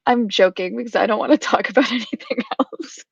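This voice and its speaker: Gravelly-voiced woman on a dull mic. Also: fairly high pitch, no echo. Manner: hesitant, with fillers and quick reactions. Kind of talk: casual live-stream chat.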